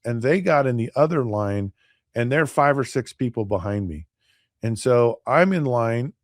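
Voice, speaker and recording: A middle-aged man tells a story on his podcast in a loose, rambling way, often restarting his sentences and acting out the voices of other people. His voice sits at an ordinary middle pitch. The sound is dry and close, with no room echo. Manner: rambling, with many restarts and acted-out quotes. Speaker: podcast host, former NFL quarterback. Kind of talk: casual storytelling.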